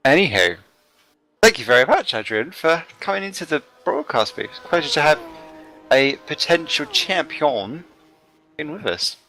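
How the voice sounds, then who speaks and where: Guy hosting a race stream, bright sharp voice, joking around. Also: fairly high pitch, sing-song, normal speed. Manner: joking, teasing. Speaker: broadcast host. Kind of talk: casual race commentary.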